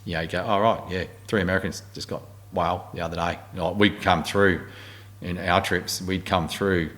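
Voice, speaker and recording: In a casual interview, an army warrant officer from Australia, middle-aged, recounts his war stories with blunt, sweary animation. He talks at normal speed in a low voice.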